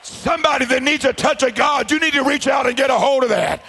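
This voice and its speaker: A man preaching a sermon, swinging between hushed, low storytelling and shouted, fervent declarations. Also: fairly quick, creaky, a little hiss or hum.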